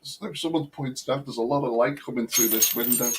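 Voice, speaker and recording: A man's voice: medium pitch, brisk. Man co-hosting a live chat, jokey, reads out viewer comments, faint background hiss. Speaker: co-host of a live chat show. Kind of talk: casual live-stream chat.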